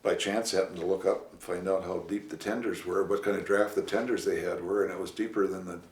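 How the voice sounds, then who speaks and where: A man being interviewed as a former city official, telling long stories with many pauses. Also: low-pitched, fairly even intonation. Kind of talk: anecdotal interview storytelling. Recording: echoey room, faint hiss.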